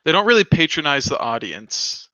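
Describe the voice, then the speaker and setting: A man's voice: on the high side, sing-song, moderate pace, sharp tone, no echo. A man hosting a casual movie-watch commentary, chatty and opinionated, with lots of ums and likes, on a dull lo-fi home mic. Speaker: host.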